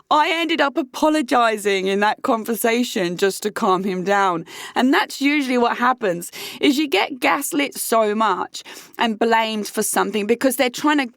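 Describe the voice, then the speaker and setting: A woman's voice: on the high side, creaky, no echo, studio quality. A young British woman giving candid, sweary personal advice in a conversational vlog. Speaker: vlogger.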